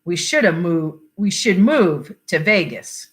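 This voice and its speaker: A woman's voice: lowish voice, sing-song, takes it slowly. A woman reading the lines of a blunt, bitter middle-aged father grieving for his sick son, in her own voice with little change. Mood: wry. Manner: blunt, swears, wry about odds.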